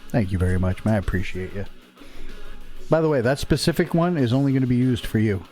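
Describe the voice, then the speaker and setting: A man's voice: medium pitch, expressive, quick pace, dark tone, faint music behind. A man hosting a casual live stream from a workshop, rambling and joking and laughing often.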